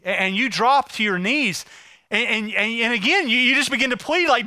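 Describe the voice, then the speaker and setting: A male pastor preaching a sermon, telling a story and often sinking to a hushed, soft delivery at tender moments. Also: high-pitched, expressive, normal speed, no echo, studio quality.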